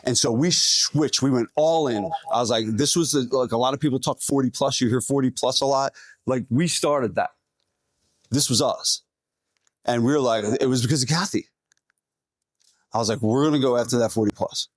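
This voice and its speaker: A man giving an energetic conference talk as a gym owner and speaker, talking straight to the audience. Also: mid-range voice, normal speed, pauses often, no echo. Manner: energetic, addresses the audience directly. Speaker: gym owner presenting at a fitness event. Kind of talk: live conference presentation. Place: event hall stage.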